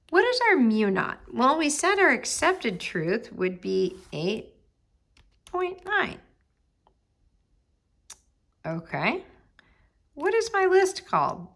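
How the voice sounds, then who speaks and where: A woman's voice: on the high side, fairly bright tone. A woman teaching a recorded statistics lesson, reading numbers aloud and talking herself through each step, chatty and upbeat with her students. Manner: talks to herself while working, reads numbers aloud, murmurs some under her breath.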